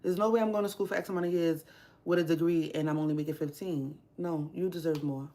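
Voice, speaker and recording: A young woman chats on a casual livestream from a home workspace. Her voice sits a little low, and she rants bluntly, swearing often and pressing each opinion hard. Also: fairly even intonation, fast talker, mellow. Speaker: livestream host.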